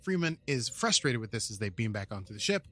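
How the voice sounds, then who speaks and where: Bright-voiced joking man podcaster. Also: medium pitch, big pitch swings, quick pace. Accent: American. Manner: laughs often, jokey, playful. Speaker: podcast co-host. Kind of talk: casual chat and episode recap.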